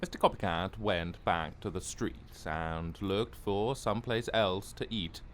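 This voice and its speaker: A man narrating a children's animated short in a gentle, expressive storytelling voice. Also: low-pitched, unhurried, a little hiss or hum.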